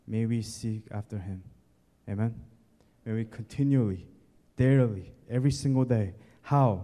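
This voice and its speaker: A man preaching a sermon at a slow, deliberate pace, his voice warm and mellow. He addresses the congregation directly and hammers each point home with repeated words and lists. The voice carries a long reverb from a large church hall. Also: medium pitch. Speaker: pastor. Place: church sanctuary.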